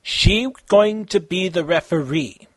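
A man's voice: high-pitched, animated, a little slow, breathy edge, dry recording, exaggerated voice. A man voicing a tough, loyal martial-arts hero in an amateur fan-fiction reading, plain and earnest. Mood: explaining.

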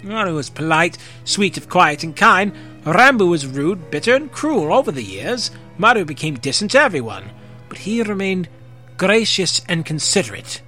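Male narrator reading fan fiction, expressive, slightly high, lively. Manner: expressive, occasional slips and rereads.

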